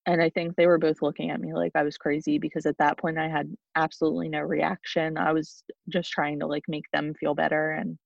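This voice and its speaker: Flat, gravelly young woman recounting a loss. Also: deep voice, no echo. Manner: halting, with frequent restarts. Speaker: podcast guest. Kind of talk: personal storytelling. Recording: dull lo-fi dry sound.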